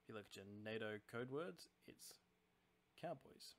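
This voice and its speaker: A man's voice: lowish voice, lively intonation, fairly quick. A man hosting his channel, giving casual let's-play commentary and thinking aloud about tactics in a chatty, analytical way. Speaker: channel host playing a naval strategy game.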